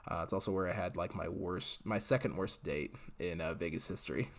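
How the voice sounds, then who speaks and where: A man's voice: low-pitched, brisk. Chatty man hosting a casual podcast. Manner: chatty, rambling, with frequent fillers and laughs. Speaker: podcast host reading live chat. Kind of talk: casual live-stream chat.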